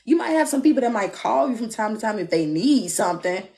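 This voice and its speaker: A woman giving a live-streamed love reading, blunt and animated, with playful asides. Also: a little high, quick pace. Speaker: tarot reader. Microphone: phone.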